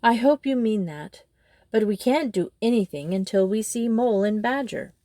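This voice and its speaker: A woman's voice: on the high side, moderate pace, mellow, dry recording, studio quality, voice pushed up, close to an everyday voice. A woman voicing a sensible male water rat who speaks in a stern, reproachful way.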